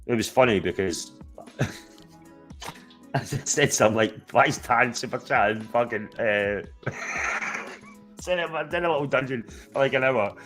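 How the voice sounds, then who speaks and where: A man's voice: mid-range voice, lively intonation, moderate pace, long pauses, fairly bright tone, soft background music. A man co-hosting a live-stream chat, swearing a lot and laughing as he retells stories. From Australia. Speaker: co-host.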